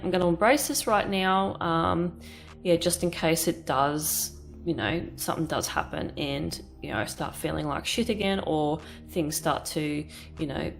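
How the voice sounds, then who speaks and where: A woman's voice: deep voice, gravelly. A woman in her thirties chatting candidly while she paints, rambling and swearing casually. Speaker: art vlogger.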